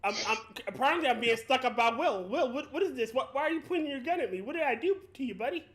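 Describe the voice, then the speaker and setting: A man's voice: very high-pitched, expressive, fast talker, fairly bright tone. A man bantering on a gaming stream, telling a crude joke loosely and laughing. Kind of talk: casual banter while gaming.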